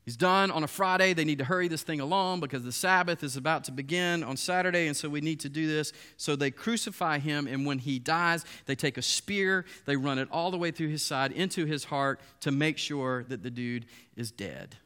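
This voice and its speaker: A man preaching a sermon, retelling the story in a lively, storytelling way and acting out the voices of the people in it. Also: fairly high pitch, brisk, hardly any pauses, smooth. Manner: storytelling, animated, acts out quoted voices. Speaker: pastor.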